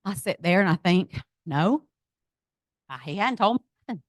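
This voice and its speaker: Animated woman telling a story. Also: on the low side, moderate pace, no room sound. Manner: animated storytelling, addresses audience as y'all. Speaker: speaker at a business event. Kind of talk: personal testimony told to a group. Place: event venue.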